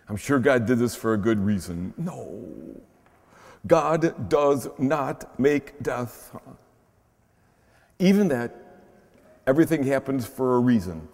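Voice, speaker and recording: A man's voice: medium pitch, a little mellow. A man with a Midwestern American accent preaching a conversational sermon, often adding a questioning "huh?" to his points. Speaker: pastor. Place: large church shrine. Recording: long reverb of a large church.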